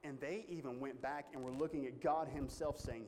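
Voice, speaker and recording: A man preaching a sermon in a folksy, emphatic way, climbing high when stirred. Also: steady tone, normal speed, a little mellow, a little hiss or hum. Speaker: pastor.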